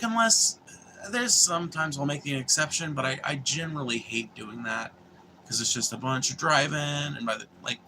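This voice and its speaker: A young man with a medium-pitched voice chats casually with livestream viewers over a noisy background. He rambles, swears freely, and keeps restarting sentences, scattering filler words throughout.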